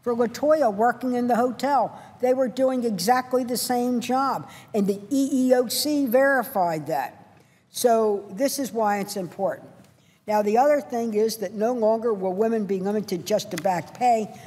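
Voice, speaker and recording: A woman's voice: a little high, moderate pace, dark tone, husky. A woman senator giving an impassioned, emphatic floor speech in a large legislative chamber, hammering home short repeated phrases. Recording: long reverb of a large chamber.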